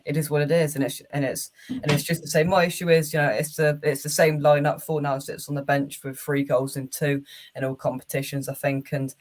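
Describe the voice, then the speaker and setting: A man's voice: fairly high pitch, flat delivery, fairly quick. Frank, weary man breaking down football. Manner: frank, weary match analysis with many fillers and restarts. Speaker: host. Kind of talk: casual football chat.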